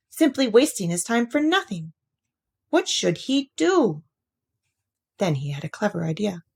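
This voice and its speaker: A woman reading a children's storybook aloud with expressive, animated storytelling. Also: medium pitch, creaky.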